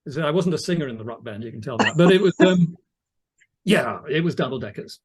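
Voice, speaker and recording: Older British man, fairly high voice, easygoing self-mocking storyteller for an interview guest spot. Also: expressive, brisk, breathy edge. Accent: British English. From England. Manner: chatty, anecdotal, self-deprecating. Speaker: audiobook narrator guest. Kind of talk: casual interview chat.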